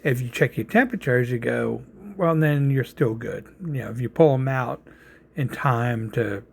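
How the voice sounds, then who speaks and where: Gravelly New York man chatting about cooking. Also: mid-range voice, normal speed. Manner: rambling, lots of fillers and restarts. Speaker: cooking channel host. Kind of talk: casual cooking vlog.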